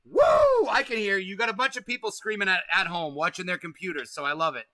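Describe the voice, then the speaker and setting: A man's voice: sits high, animated, fast talker, sharp tone, dry recording. A man hosting a casual livestream, talking loosely with slang and swearing and stretching out words for emphasis. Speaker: host.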